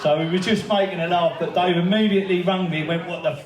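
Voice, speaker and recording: A man tells stories to a crowd in a pub, laughing and swearing as he acts out the other people's lines. His voice sits fairly high, and it carries through a roomy, echoing space from a distance away from the mic. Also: steady tone, fast talker. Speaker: speaker at a memorial birthday event. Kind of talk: anecdotal speech to a crowd. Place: pub function room. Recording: echoey room, heard from a distance.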